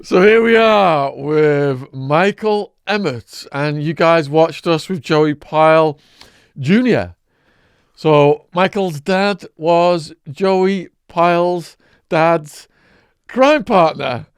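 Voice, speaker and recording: A man hosting a podcast, introducing his guest and asking brisk, quick-fire questions. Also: fairly high pitch, clear, resonant tone, no room sound, clean studio sound. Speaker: podcast host. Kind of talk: interview hosting.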